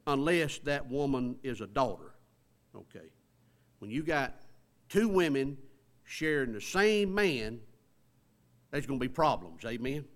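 A man preaching a sermon in a folksy, conversational way, stretching words for emphasis. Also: mid-range voice.

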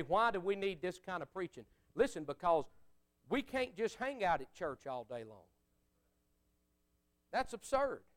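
Male preacher, high voice, smooth and resonant, folksy, swings from loud to soft. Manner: folksy, rising to fiery shouts and dropping to quiet asides. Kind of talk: sermon.

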